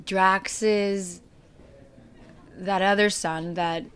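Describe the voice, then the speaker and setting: A woman's voice: medium pitch, fairly even intonation, extremely slow, a bit bright, clear, resonant tone. A woman interviewed on a film set, chatting casually, giggly and hesitant with many restarts.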